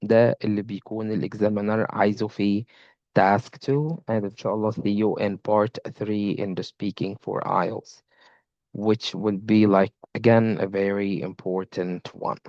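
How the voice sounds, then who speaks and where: A man's voice: lowish voice, level tone, brisk, no room sound. A young man with an Egyptian accent, teaching in a casual video lesson and switching between English and Egyptian Arabic mid-sentence. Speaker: IELTS speaking teacher. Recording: slightly dull lo-fi sound.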